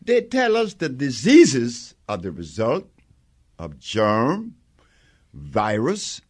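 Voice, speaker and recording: An older man, an herbal healer, tells stories in a conversational interview with strong conviction, slowly and in a slightly rough voice. His pitch swings widely as he acts out both sides of remembered exchanges, and he laughs often.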